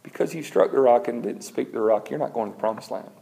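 A man voicing God in a calm, firm, somewhat lower and quieter tone while retelling a story in a sermon. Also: fast talker, creaky, close to an everyday voice, low-quality recording. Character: stern commanding deity, male.

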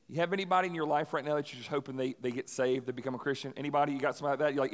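A young adult man preaching a sermon in a casual, energetic way, repeating key lines for emphasis. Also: mid-range voice, rapid-fire, hardly any pauses. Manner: energetic, conversational, emphatic repetition. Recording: long hall reverb.

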